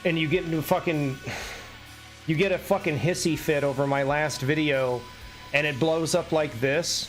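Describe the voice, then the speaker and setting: A man's voice: on the high side, fairly even intonation, moderate pace, soft background music. Hot-headed, foul-mouthed male streamer. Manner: heated, profane and blunt, swearing constantly. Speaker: live streamer. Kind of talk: unscripted live-stream rant.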